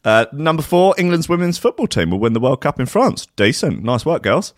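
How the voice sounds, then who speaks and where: A man's voice: fairly high pitch, sing-song, brisk, dry recording, clean studio sound. Sarcastic British man riffing. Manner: sarcastic, rambling, full of fillers. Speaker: podcast host. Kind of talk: comic monologue.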